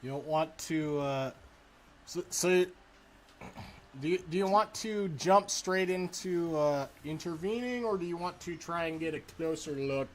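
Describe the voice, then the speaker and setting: A man narrates a tabletop game as its game master. His voice sits a little high, and he talks very slowly, with long pauses and plenty of fillers between phrases. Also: slight background noise. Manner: slow, halting narration with many pauses and fillers.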